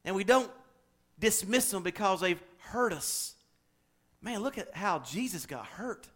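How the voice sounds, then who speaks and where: Lively folksy preacher man. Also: sits high, a little slow. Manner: folksy, lively preaching with laughs and acted-out examples. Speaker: pastor. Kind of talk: sermon.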